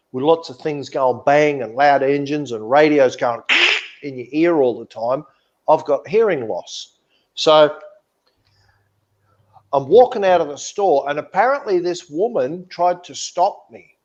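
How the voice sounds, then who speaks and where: A man's voice: fairly high pitch, muffled recording. A man telling a story in casual podcast chat, blunt and indignant, swearing freely. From Australia. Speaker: podcast co-host.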